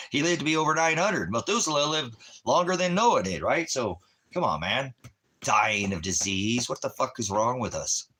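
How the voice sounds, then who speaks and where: A man rants at his viewers, swearing freely and rambling from point to point. His voice is bright and forceful, cutting through as he gets worked up. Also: medium pitch, very animated, moderate pace, slight background noise. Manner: rambling, profane, heated, restarts often. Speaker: livestreamer addressing viewers. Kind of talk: casual profane rant.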